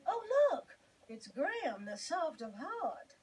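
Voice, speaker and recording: A woman's voice: high-pitched, sing-song, slow, a little mellow, distant mic, a little hiss or hum, exaggerated voice. A bossy, sarcastic shopkeeper witch. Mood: sly. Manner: dry, scolding and sarcastic. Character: sharp, bossy female potion-shop keeper. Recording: game audio, voice set back.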